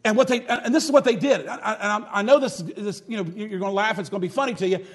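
Man, preacher, husky voice, folksy mocking sermon. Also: high-pitched, fast. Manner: folksy, mocking, preaching with rising and falling intensity.

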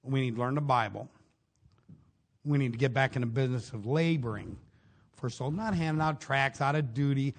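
A middle-aged man preaching a sermon in a folksy way, shouting some lines and dropping low on others. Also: normal speed.

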